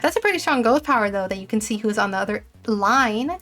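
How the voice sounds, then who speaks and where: A woman's voice: on the high side, animated, fast talker, few pauses, fairly bright tone, soft background music. A young woman streamer chatting casually while playing, rambling with frequent fillers and restarts. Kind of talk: casual gameplay commentary and game dialogue read-aloud.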